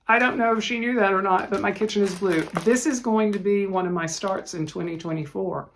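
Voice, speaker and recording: A middle-aged woman chats through her cross-stitch vlog in an unhurried, low-pitched voice. She talks casually and emotionally, stumbling and restarting her sentences as she goes. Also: a little hiss or hum. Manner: chatty, emotional, halting with restarts. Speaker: flosstube host.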